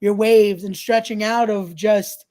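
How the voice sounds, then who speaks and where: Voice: mid-range voice, fairly even intonation, a little slow, dark tone. A podcast host from New York interviews a guest in a loose, rambling way. The host keeps circling back to promote an upcoming show and laughs often.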